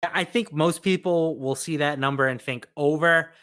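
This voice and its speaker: A male betting analyst with a bright, forceful voice that comes across smooth and crisp. He sounds measured and matter-of-fact and builds his case from numbers. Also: on the high side.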